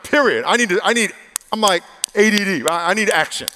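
With a high, animated voice and a brisk pace, a man preaches a humorous, conversational sermon to a live congregation, often acting out the voices of those in his story. Background noise is present, and the large church hall adds a long echo.

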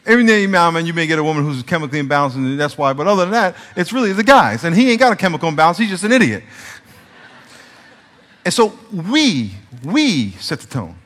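A male pastor preaching a conversational sermon, shifting between soft, confiding passages and emphatic peaks. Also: fairly high pitch, sing-song, fast. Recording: reverberant church hall sound.

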